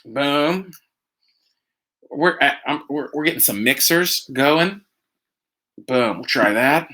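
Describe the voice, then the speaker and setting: A man hosting a casual live stream from home, rambling and excitable as he chats and drinks. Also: a little high, slow pace. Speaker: host. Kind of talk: casual livestream chat.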